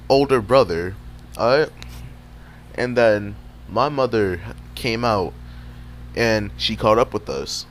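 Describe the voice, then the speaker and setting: A young man casually telling a fight story over gameplay footage, animated and profane, full of streetwise slang, with a faint hum behind him. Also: mid-range voice. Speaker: gaming video creator.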